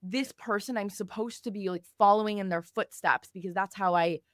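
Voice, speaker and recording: A woman's voice: medium pitch, fairly quick, no echo, studio quality. A woman hosting a podcast as a binge eating coach, talking reflectively with frequent affirming murmurs. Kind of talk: casual podcast conversation.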